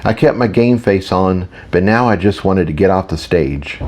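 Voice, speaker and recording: Male narrator, first-person fantasy audiobook, steady reading, lowish voice. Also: moderate pace.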